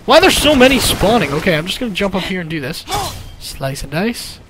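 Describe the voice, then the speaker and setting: A let's play gamer commentating excitedly, laughing and yelling at enemies. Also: medium pitch, very fast, noisy background. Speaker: game player. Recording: gameplay audio behind.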